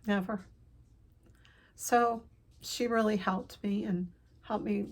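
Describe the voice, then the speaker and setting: An older woman telling a personal family story to camera, earnest and emotional, with pauses and restarts. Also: mid-range voice, fairly even intonation. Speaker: counselor vlogger.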